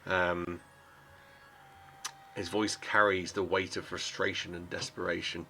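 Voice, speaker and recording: A man narrating a tabletop adventure as game master, in a lower voice with a bright, forceful edge. He talks casually and loosely, full of ums and restarts as he describes the scene. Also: flat delivery, unhurried, slight background noise. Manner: casual, hesitant with many fillers.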